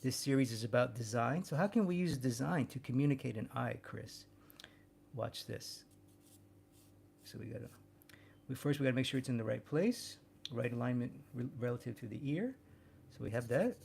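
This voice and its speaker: A man with a gravelly edge to his voice talks through a drawing demonstration as he works. He thinks aloud and often repeats words while the pencil moves. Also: medium pitch, lively intonation, normal speed, long pauses, darkish tone, a little hiss or hum. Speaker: drawing instructor.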